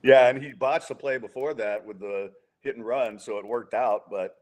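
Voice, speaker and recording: A man's voice: mid-range voice, moderate pace, a little mellow. A man hosting a sports podcast in casual chat, asking his guest open questions in a conversational way. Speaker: podcast host.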